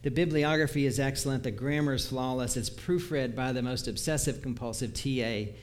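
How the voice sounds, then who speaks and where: A man's voice: medium pitch, a little fast. Man giving a conversational sermon. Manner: conversational, chuckles at his own asides, reads scripture aloud. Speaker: preacher.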